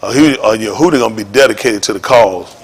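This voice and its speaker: A man preaching an informal sermon to his congregation in a folksy, joking way that rises to shouts. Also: lowish voice, quick pace. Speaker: congregation leader.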